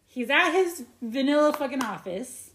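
A woman co-hosting a podcast, retelling a movie in casual, profane chat full of tangents and quick mock voices. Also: sits high, expressive, a bit bright, reverberant, slight background noise. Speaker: podcast co-host.

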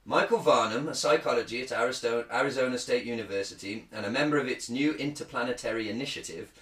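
A man's voice: mid-range voice, fast talker, fairly bright tone, echoey room, low-quality recording. A man co-hosting a casual podcast, reading a news article aloud and joking and swearing along the way. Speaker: podcast co-host.

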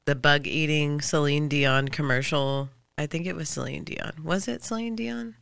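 A woman's voice: sits low, moderate pace, creaky, a bit bright, smooth, no room sound. A woman hosting a casual show, chatty and loose, laughing often between her remarks. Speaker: host. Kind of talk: casual chat.

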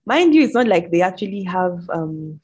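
A young woman from Nigeria with a Nigerian English accent, chatting to camera in an animated, exasperated way. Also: lowish voice, moderate pace, husky, low-quality recording. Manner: animated, exasperated storytelling with mocking quoted voices. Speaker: vlogger. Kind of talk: casual chat to camera.

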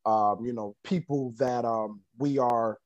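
Man, podcast host, casual chat, halting, dry close sound, mid pitch. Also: fairly even intonation, a little mellow, no echo, dull audio. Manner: halting, with many fillers and restarts.

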